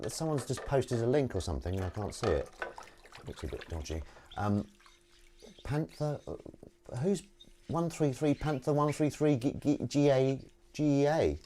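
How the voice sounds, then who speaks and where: A man hosting a casual stream from his home kitchen, chatting and joking with viewers as he washes up. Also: on the low side. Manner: chatty and rambling, jokey asides to viewers. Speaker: host washing dishes on a livestream. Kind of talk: casual chat while washing up. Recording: dish clatter and water noise. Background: clinking dishes and cutlery.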